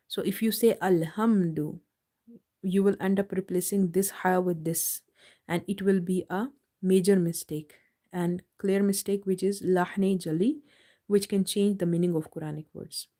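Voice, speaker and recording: A woman teaching Quran recitation in a live online lesson, patiently repeating each word slowly for her students. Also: medium pitch, mellow. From United Kingdom.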